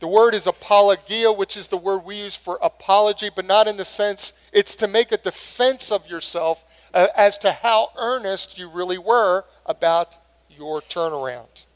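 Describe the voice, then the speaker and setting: A man's voice: high-pitched, moderate pace, smooth. A middle-aged male pastor preaching a sermon in an earnest, conversational way.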